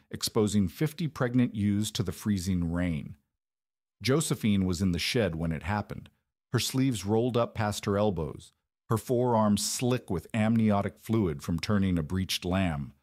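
Man reading a story, lowish voice, dry close sound, steady. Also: no room sound. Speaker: narrator. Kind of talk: scripted story narration.

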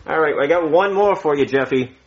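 A man's voice: fairly high pitch, fairly quick. A man playing a boastful, blustery therapist in a comedy skit. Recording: dull lo-fi sound.

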